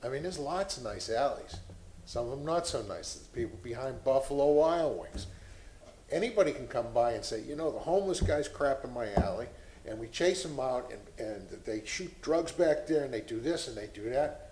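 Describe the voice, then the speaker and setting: An impassioned man speaks at a public board meeting and admits he is getting preachy. His voice sits at a middle pitch. The echoey chamber carries a faint hiss. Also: animated, moderate pace, a little mellow. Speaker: board member. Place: city meeting room.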